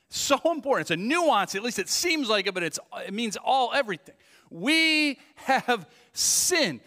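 A male pastor preaching a sermon, swinging between loud emphasis and hushed asides. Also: medium pitch. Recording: long reverb of a church hall.

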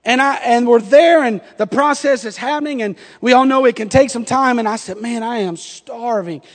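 A man in his thirties preaches a sermon with a strikingly high voice, telling a playful story and acting out every exchange. His words ring out with a long hall reverb behind them. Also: normal speed. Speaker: pastor.

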